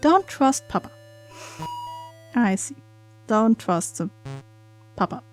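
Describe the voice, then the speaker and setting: A woman's voice: a little high, lively intonation, slow pace, a little mellow, faint music behind. A young woman playing through a game, reading its text aloud with chatty, giggly asides. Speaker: gaming streamer.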